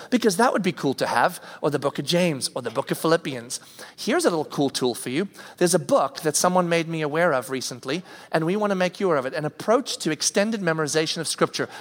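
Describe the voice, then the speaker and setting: A man gives a conversational sermon, voice sitting a touch higher than usual. He acts out everyday reactions as he preaches. A long hall reverb trails behind every line. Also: a bit bright.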